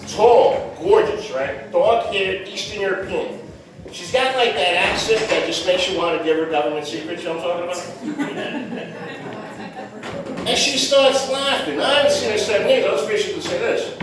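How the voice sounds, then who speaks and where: A man's voice: sits high, noisy background. A man doing a stand-up set in a comedy club, brash and conversational, tossing in "man" and "right?" as he goes. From Puerto Rican heritage. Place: comedy club stage with audience laughter. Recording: echoey club, heard from far off.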